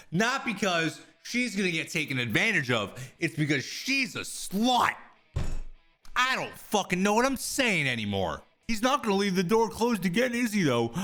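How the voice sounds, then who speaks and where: A man rants through a reaction commentary with a wide, animated pitch swing and a hard, forceful edge. He talks in loud, sarcastic, profane outbursts. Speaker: streamer commentator.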